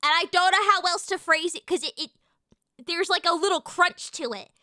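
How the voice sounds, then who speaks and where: Loud, high-pitched woman streamer. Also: moderate pace, no echo, clean studio sound. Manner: loud, swears a lot, stumbling restarts. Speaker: VTuber streamer. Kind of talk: casual live-stream chat. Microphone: streaming mic.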